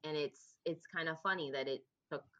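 Woman guest, low pitch and bright tone, hesitant casual chat. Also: moderate pace, lo-fi sound. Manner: hesitant, self-correcting. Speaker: podcast guest.

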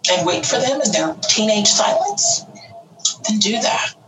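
A woman's voice: medium pitch, big pitch swings, a little slow, distant mic, heavy background noise. A woman talking earnestly and with feeling about parenting teenagers, acting out little quoted voices as she goes. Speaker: parent sharing advice. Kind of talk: casual heartfelt talk.

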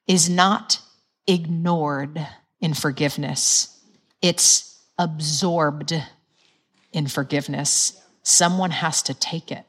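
Earnest woman preaching a sermon. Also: lowish voice. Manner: earnest, asks the crowd questions, laughs at her own slips.

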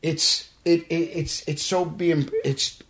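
Speaking slowly in a voice on the high side, a Brooklyn-born actor tells stories during a relaxed podcast interview. He's animated, voicing the quoted dialogue himself with his Brooklyn New York accent, and the studio adds a roomy echo.

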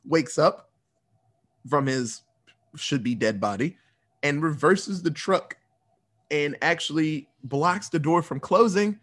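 A man casually recapping a movie plot, animated and profane, acting out the characters' lines as he goes. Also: a little high, slow pace, pauses often.

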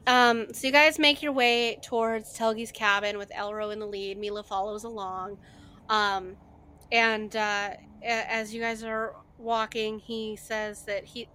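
A woman's voice: on the high side, fairly even intonation, a little slow, bright, forceful tone, slight background noise. A woman narrating a tabletop game as game master, in a chatty, filler-heavy way.

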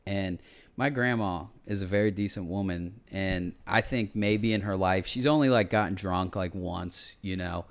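A man's voice: low voice, normal speed. A man co-hosting a podcast, telling profane, jokey stories in casual chat. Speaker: podcast co-host.

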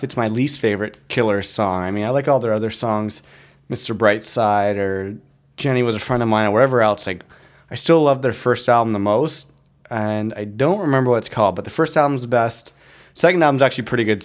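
A man hosting a music podcast, talking in a rambling, chatty and easily amused way. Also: on the low side. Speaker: podcast host. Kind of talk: casual chat.

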